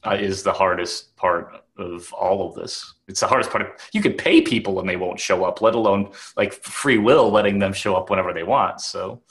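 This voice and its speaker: A man's voice: low voice, normal speed, few pauses, a bit bright. A man from Wisconsin co-hosting a podcast, chatting casually with lots of "like". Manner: chatty, peppered with "like". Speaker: podcast co-host. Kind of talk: casual chat.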